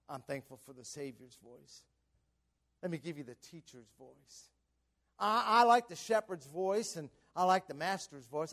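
Male Baptist preacher in a church, very high voice, shifts between shouts and near-whispers, quizzes the pews. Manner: swings between shouting and hushed low tones; questions the congregation directly. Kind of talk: sermon. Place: church sanctuary.

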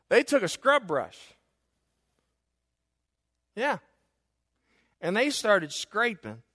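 A middle-aged man preaching a sermon in a folksy storytelling way, rising to loud emphasis and dropping to quiet asides. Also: on the high side. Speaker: pastor.

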